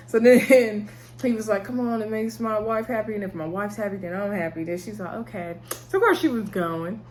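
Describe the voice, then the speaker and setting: Vlogger, woman, casual recap to camera, animated, frequent laughs, lots of fillers. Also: normal speed, a little hiss or hum. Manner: animated, high-pitched exclamations. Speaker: TV episode reviewer. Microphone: talking to camera.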